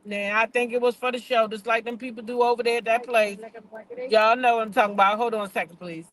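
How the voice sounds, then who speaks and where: A woman's voice: fairly high pitch, steady tone, fast talker, a bit bright. An older woman hosting a casual gossip livestream, chatty and blunt, swearing freely, repeating points for emphasis and talking straight to her viewers. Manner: talks directly to live chat viewers. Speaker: gossip show host.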